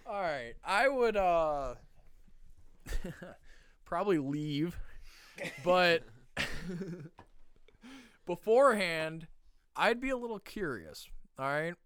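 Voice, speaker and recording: A young man co-hosting a casual podcast, animated, swearing and laughing a lot. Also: high voice, extremely slow, pauses often, clear, resonant tone, no room sound. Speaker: podcast co-host. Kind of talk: casual chat.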